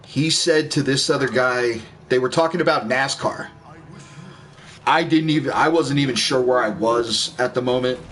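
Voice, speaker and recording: A man's voice: mid-range voice, moderate pace, fairly bright tone. A man casually telling a rambling story while gaming, laid-back and swearing freely. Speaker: gaming streamer.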